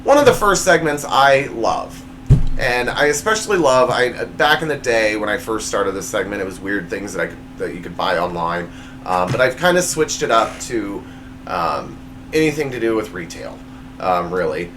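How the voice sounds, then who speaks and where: A man's voice: animated, moderate pace, background noise. A man hosting his own comedy show, reading joke punchlines with playful swings in his voice. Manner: jokey, reads punchlines with big pitch swings. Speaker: show host. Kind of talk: comedy monologue.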